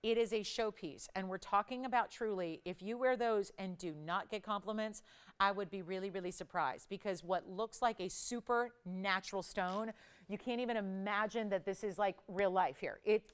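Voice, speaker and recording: A woman hosting a live jewelry shopping show, pitching pieces with enthusiastic urgency and gushing praise. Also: smooth. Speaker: shopping channel jewelry host.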